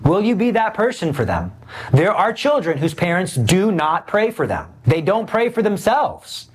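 Man, Catholic preacher, fervent sermon delivery, slightly higher voice, pressing rhetorical questions. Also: very animated, moderate pace, husky. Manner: emphatic, with rhetorical questions and sudden pitch swings. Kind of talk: impassioned sermon.

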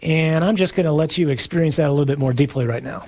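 A man's voice: fairly high pitch, fast, background noise, lightly acted. A man voicing God as a casual, fatherly figure speaking to the first man. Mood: playful. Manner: casual, conversational.

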